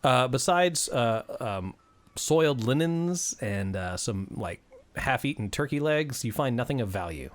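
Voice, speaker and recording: A man's voice: medium pitch, animated, measured pace. A man running a tabletop game as game master, joking playfully with the players.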